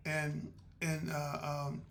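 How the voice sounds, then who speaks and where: A man's voice: on the high side, completely flat delivery, drawn-out words, a bit bright. A man hosting a podcast, telling a story in a casual, chatty way, often laughing and acting out what people said.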